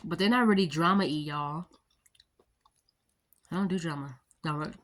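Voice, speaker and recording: A woman's voice: sits low, measured pace, slight background noise. A woman in her thirties chatting casually to her viewers, rambling through storytime anecdotes and addressing them as y'all. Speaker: vlogger.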